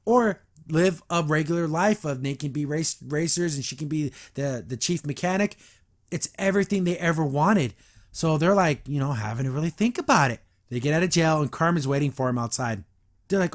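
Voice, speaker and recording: A man hosting a podcast, reviewing a cartoon episode in a rambling, animated way, acting out the characters as he retells it. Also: on the high side, moderate pace. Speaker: podcast host.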